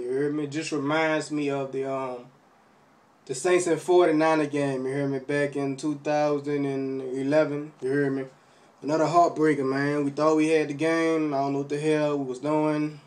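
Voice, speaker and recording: A young man ranting to the camera as a football fan, keeps checking in with his listeners as he talks. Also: a little high. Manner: animated, keeps asking "you hear me?". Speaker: sports fan vlogger. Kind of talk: casual fan rant to camera.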